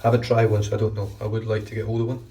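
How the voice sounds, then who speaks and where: A man's voice: on the low side, monotone, very fast, dark tone. A man chatting casually and rambling while he shaves his head, often restarting his sentences. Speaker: shaving vlogger. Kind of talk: casual running commentary while shaving. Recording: distant mic with faint background noise.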